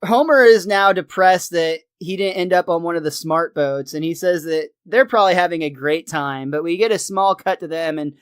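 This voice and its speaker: A man's voice: a little high, normal speed, hardly any pauses, smooth, no room sound. Casual male co-host, recaps with laughs, dead dry recording. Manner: chatty, laughs between lines. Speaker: podcast co-host.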